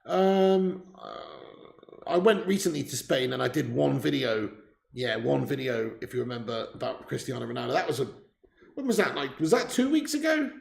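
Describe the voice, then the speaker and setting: A man's voice: medium pitch, lively intonation, moderate pace, vocal fry, echoey room. A man hosting a football watch-along livestream, chatting casually with viewers, laughing and swearing as he jokes around. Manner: jokey, laughing, swearing banter. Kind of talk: casual livestream chat reading viewer messages. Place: temporary setup on a trip in Spain.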